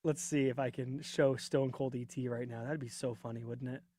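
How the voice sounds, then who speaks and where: A man's voice: mid-range voice, steady tone, moderate pace, dark tone. A man hosting a live wrestling watch-party podcast, chatting casually and rambling while reading out viewer comments, his voice getting worn. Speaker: podcast host. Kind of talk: casual live-stream chat.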